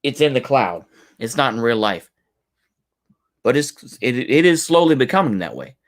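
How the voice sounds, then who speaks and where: A man's voice: mid-range voice, big pitch swings, normal speed. A man giving heated, profane reaction commentary, incredulous and swearing often.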